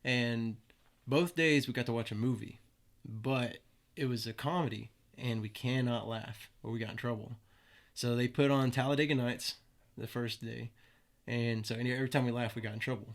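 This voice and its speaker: A man's voice: medium pitch, fairly even intonation, normal speed, few pauses. A young man, a podcast guest, casually telling stories with plenty of swearing and acted-out quotes. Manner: laid-back, swears freely, acts out quoted voices. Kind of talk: casual storytelling interview.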